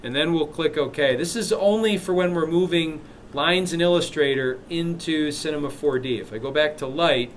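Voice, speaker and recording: A man teaching a live software class, walking students through steps with chatty, joking asides. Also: a little high, normal speed, hardly any pauses, a little hiss or hum. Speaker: instructor.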